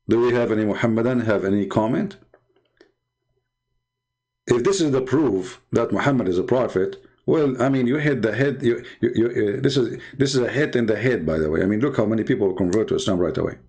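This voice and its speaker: A man's voice: on the low side, lively intonation, a little fast, a little mellow, slightly rough. A man hosting a live online debate stream, sarcastic and mocking, speaking English with non-native grammar. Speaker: livestream host.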